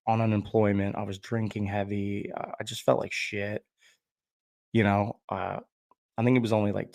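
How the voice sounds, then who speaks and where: A man's voice: lowish voice, vocal fry, a little mellow, no room sound. A man vlogging a candid personal story in a rambling, frank way, with fillers, restarts and swearing. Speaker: vlogger sharing his recovery story.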